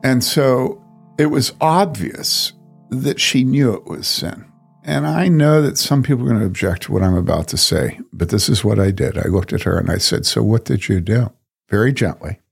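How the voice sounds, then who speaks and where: A man's voice: medium pitch, moderate pace, vocal fry, breathy edge, soft background music. A man speaking as a pastor, telling a story from his ministry in an earnest, emphatic way and asking rhetorical questions.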